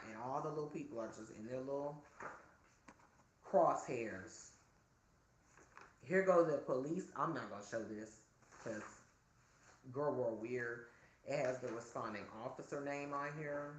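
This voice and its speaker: A chatty vlogger in their forties vents to viewers in a casual, indignant way. The voice is bright and sharp, and it bounces around a lot in pitch. It was recorded in an echoey room indoors. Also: a little hiss or hum. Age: 40s. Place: indoors, self-filming.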